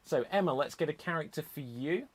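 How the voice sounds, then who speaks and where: Male improv-stream host, chatty, brisk, self-deprecating, slightly high voice, on a video call. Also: animated, breathy edge. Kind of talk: live-streamed improv show hosting.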